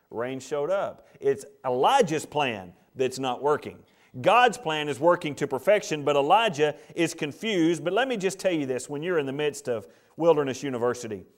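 Preacher guy, middle-aged, pitch a bit high, gets animated acting out bible folks. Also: brisk. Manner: animated, acts out Bible characters' complaints. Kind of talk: sermon.

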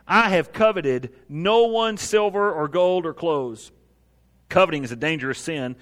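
A man preaching a sermon, retelling Bible stories with lively storytelling and voicing the figures in a lowered tone. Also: big-room sound. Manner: animated storytelling, acting out biblical figures in a lowered voice. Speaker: pastor.

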